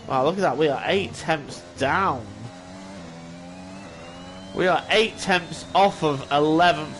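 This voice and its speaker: A man talking to himself while playing a racing game, self-critical with exasperated outbursts. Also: fairly high pitch. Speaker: gaming channel host. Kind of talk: casual gameplay commentary. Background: faint game music.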